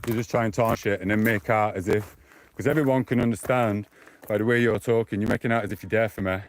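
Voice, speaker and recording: A man's voice: lowish voice, fairly even intonation, fast talker, a little hiss or hum. A British man from the UK live-streaming on his phone while walking outdoors, chatting rambly and defensively to his viewers. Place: outdoors, walking along streets.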